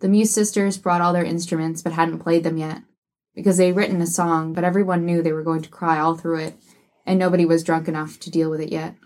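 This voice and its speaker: A woman narrating an audiobook in a lowish voice. She tells the story with a wry, even delivery. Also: brisk.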